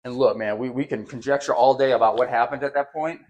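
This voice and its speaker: A man preaching a sermon as pastor, animated, acting out quotes with a raised voice and often repeating words. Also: medium pitch, quick pace, muffled recording.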